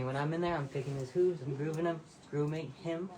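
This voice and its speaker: Out-of-breath volunteer in a horse barn. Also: female voice, deep voice, steady tone, fast, hardly any pauses, dark tone, slight background noise, rough recording. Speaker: volunteer caretaker. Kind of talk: live-stream barn tour.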